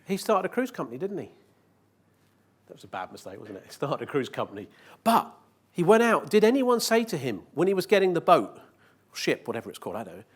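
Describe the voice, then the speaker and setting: A man's voice: on the high side, huge pitch swings, fast talker, breathy edge. A man giving a live conference presentation, joking with the audience and asking rhetorical questions. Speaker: conference speaker. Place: conference hall.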